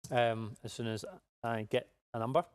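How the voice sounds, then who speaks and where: A man's voice: medium pitch, little pitch movement, moderate pace, background noise. A man hosting a live prize draw, chatty, upbeat and jokey. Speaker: giveaway live draw host. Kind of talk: casual live-stream chat.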